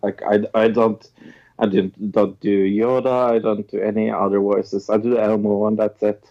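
A man's voice: lowish voice, flat delivery, moderate pace, lo-fi sound. A man hosting a podcast in casual chat, jokey and swearing freely. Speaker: podcast host.

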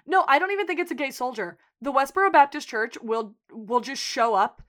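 A woman's voice: high-pitched, a little fast. A woman co-hosting a podcast, recapping a TV episode in casual chat and acting out the characters' lines. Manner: animated retelling with acted-out quotes. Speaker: podcast co-host.

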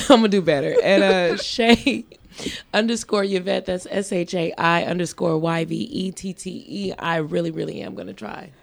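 A woman's voice: fairly low pitch, fairly even intonation, normal speed, gravelly. A woman co-hosting a casual group chat show, giggly and self-deprecating. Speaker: podcast co-host.

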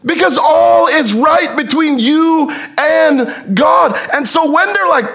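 High-voiced fervent male preacher. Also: lively intonation, slow, creaky, few pauses. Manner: fervent, rhetorical questions, swings from hushed to shouting. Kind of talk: sermon.

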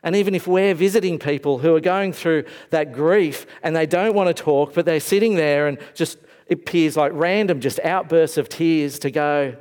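A man's voice: on the high side, normal speed, few pauses. Reflective preacher man in an echoing hall. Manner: reflective, swings between raised and hushed voice. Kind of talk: sermon. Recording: long hall reverb.

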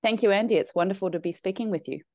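A woman's voice: mid-range voice, darkish tone, no room sound. A woman with an Australian accent who grew up in South Africa, speaking in a friendly, chatty way as an interview guest. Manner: friendly and chatty, quick to laugh. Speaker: guest, New Testament professor. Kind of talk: casual interview conversation.

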